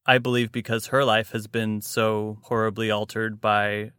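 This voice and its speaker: A man hosting a podcast in casual chat, playful and quick to laugh. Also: lowish voice, flat delivery, a bit bright, clean tone, dry recording, studio quality. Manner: playful, laughs often, acts out quotes. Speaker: podcast host.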